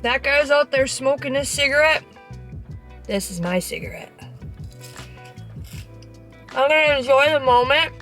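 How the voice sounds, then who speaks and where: A woman's voice: high-pitched, lively intonation, unhurried, long pauses, a bit bright, soft background music. A young woman vlogging casually from a parked car, talking frankly and cheekily with slang and swearing, sometimes with her mouth full. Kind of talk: casual vlog chat.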